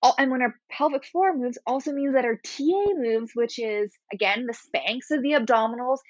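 A woman's voice: sits high, normal speed, no echo, highs cut off. Bubbly chatty woman physiotherapist, dry sound. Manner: bubbly, chatty, laughs often, guides breathing exercises. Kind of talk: casual instructional explanation.

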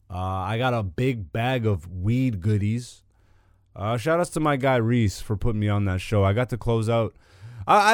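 A young man hosts his own comedy podcast in a hyped, swaggering voice, swearing freely as he rambles through stories. His pitch sits at an ordinary middle height for a man. The sound is dry and close, with no room around it. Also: dry recording. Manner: hyped, swaggering, profane storytelling. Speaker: podcast host and stand-up comedian. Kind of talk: casual solo podcast chat.

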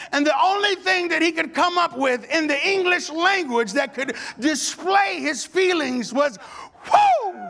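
A married man preaching a sermon, telling a funny personal story that builds into animated, shouted calls to worship. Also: extremely high pitch, vocal fry.

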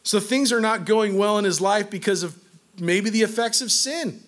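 A male preacher with a somewhat higher-than-usual voice delivers a sermon. He speaks in a loose, conversational way and keeps dropping "like" as he explains scripture. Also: moderate pace, fairly bright tone. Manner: conversational, peppered with "like".

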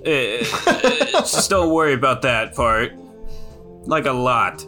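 A man narrating a tabletop game in a slow, easygoing way. His voice is bright. Faint music plays behind him. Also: mid-range voice, big pitch swings. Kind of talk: casual tabletop game play.

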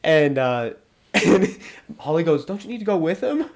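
A man co-hosting a podcast, excitedly retelling favorite sitcom scenes and laughing often. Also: a little high, normal speed. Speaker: podcast co-host. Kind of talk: casual chat.

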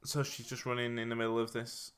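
A man's voice: mid-range voice, flat delivery, fast talker, a crowd in the background. A young man, telling a story in a casual podcast chat, rambling and correcting himself as he goes. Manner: rambling, self-correcting, laughs at own jokes. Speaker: podcast co-host.

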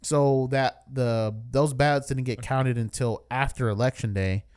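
A man's voice: medium pitch, fairly even intonation, measured pace, darkish tone, smooth. Rambling casual podcast man. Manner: rambling, many fillers and restarts. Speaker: podcast co-host.

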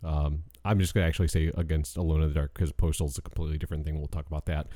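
A man's voice: extremely low pitch, little pitch movement, very fast, dark tone, dry recording, clean studio sound. A man co-hosting a podcast, chatting casually with lots of fillers and restarts. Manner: rambling, many fillers and restarts. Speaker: podcast co-host.

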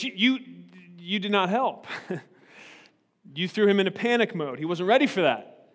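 A high-pitched male pastor delivers a relaxed, joking sermon and keeps checking in with his congregation as he goes. His voice rings out with a long reverb tail, like a recording made in a large church sanctuary. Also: moderate pace, pauses often. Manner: joking, frequently checks in with listeners. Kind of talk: humorous conversational sermon. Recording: reverberant hall.

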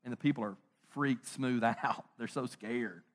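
A middle-aged man preaching a conversational sermon, animated, joking and asking rhetorical questions. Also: medium pitch, measured pace. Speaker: pastor.

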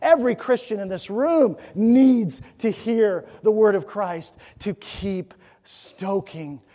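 A fairly high-voiced male pastor preaching in a church sanctuary, his words ringing out with a long, echoing reverb. He pleads and exhorts, firing off rhetorical questions, then drops to hushed near-whispers before building back up to loud emphasis. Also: slow pace. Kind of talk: sermon.

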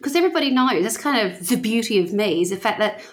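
High, lively woman poking fun at herself. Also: fast. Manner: self-mocking, animated storyteller. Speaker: podcast co-host. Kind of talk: casual chat.

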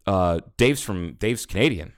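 Profane, animated man telling stories. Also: sits low, a little slow. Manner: profane, animated storyteller who acts out quoted people. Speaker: podcast co-host. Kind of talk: casual chat.

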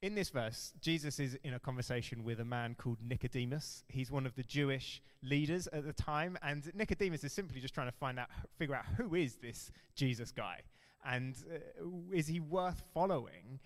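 A man preaching a sermon as pastor, earnest and emphatic, stressing key phrases slowly. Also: medium pitch, long reverb tail.

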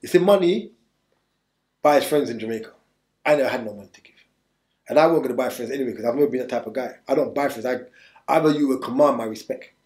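A man's voice: medium pitch, mellow. A man from England, telling his story as an interview guest in streetwise slang, urgent and repetitive. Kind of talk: candid storytelling. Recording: echoey room.

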